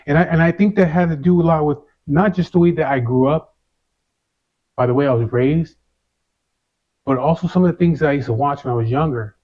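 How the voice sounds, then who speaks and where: A man's voice: fairly high pitch, fairly quick, long pauses, dull audio. Man telling a story in street slang. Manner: casual street slang, swears, constant "you know". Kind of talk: first-person storytelling.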